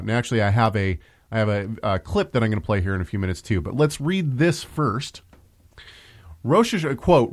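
A man's voice: medium pitch, very animated, moderate pace. A man hosting a podcast, chatty and full of restarts and asides as he reads out listener mail. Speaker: podcast host. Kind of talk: casual podcast talk.

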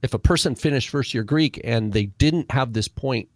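A man's voice: medium pitch, moderate pace, dry recording, clean studio sound. A man who teaches Greek, joining a casual discussion in a careful, corrective way.

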